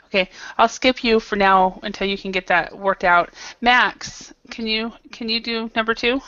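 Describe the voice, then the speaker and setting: A woman's voice: a little high, fairly even intonation, normal speed, sharp tone, no echo. A woman teaching an online English class, patiently modelling pronunciation over a video call. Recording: dull lo-fi video call audio.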